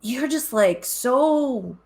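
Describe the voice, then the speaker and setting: A woman co-host chatting candidly on a podcast, her voice sitting a little high. She talks in an animated, open way and laughs often. Now and then she swears for emphasis. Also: extremely slow, gravelly. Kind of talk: casual chat. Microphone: headset earbuds.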